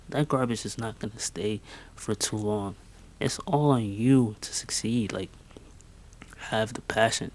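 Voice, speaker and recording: A man's voice: fairly low pitch, darkish tone. A man in his twenties giving an earnest, emphatic motivational monologue with lots of repetition. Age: 20s. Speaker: podcast host.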